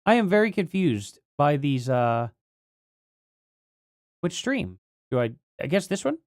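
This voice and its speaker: A livestream host talks casually and thinks aloud as they read, wandering from one point to the next. The voice is starting to go and the pitch swings up and down a lot. It sounds close and dry, with no room sound. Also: sing-song, unhurried, no echo. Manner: rambling, thinks aloud while reading.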